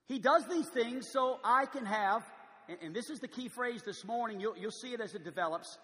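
A man's voice: high voice, fairly quick, bright, forceful tone, in a large hall. A man preaching a sermon in a large church, conversational, with frequent stammered restarts. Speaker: pastor.

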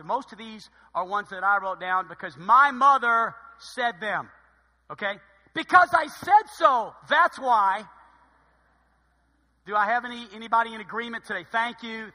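A man preaching a sermon in church in a lively, joking way, acting out his mother's old sayings. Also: sits high. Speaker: pastor. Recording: long hall reverb.

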